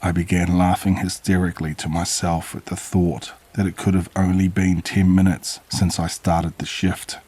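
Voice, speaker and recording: Man, very low voice, husky, horror story narration, measured and grave. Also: little pitch movement, darkish tone.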